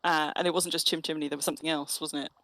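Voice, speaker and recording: A woman's voice: sits low, little pitch movement, very fast, fairly bright tone, no room sound. A woman chatting casually and teasingly while streaming an online game. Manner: chatty, teasing, restarts phrases. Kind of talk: casual gaming chat.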